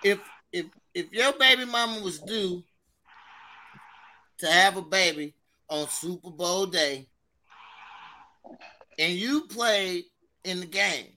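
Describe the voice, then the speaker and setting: A man co-hosting a casual podcast, brash and quick to laugh, tossing out hypotheticals. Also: high-pitched, lively intonation, pushed and bright. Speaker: podcast co-host. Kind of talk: casual chat.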